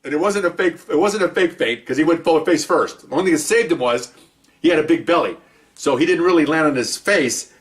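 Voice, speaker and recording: An older man, a retired police officer, casually telling anecdotes, animated and chuckling, talking in fits and starts. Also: fairly high pitch, recorded from a distance.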